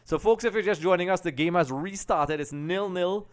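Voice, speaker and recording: A man's voice: sits high, normal speed, clean tone. A man from Trinidad and Tobago hosting a live football watch-along, chatting casually, greeting viewers and reading out their comments. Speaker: live stream host.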